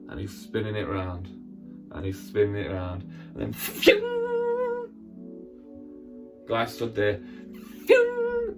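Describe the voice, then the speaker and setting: A man, a church presenter, telling a Bible story in a lively, acted-out way with sound effects. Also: lowish voice.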